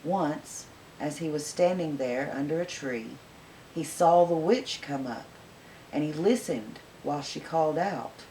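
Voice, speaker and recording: Lady reading a fairy tale slow and gentle, lowish voice, faint rumble behind. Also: lively intonation, poor audio. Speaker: storyteller.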